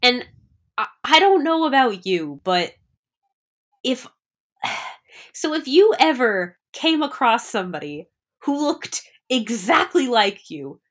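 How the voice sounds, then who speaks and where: A woman talks her way through a movie plot in a loose, rambling chat, circling back and restarting her sentences. Her voice sits a little high. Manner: rambling, animated, many fillers and restarts. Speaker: podcast co-host. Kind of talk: casual chat about a movie.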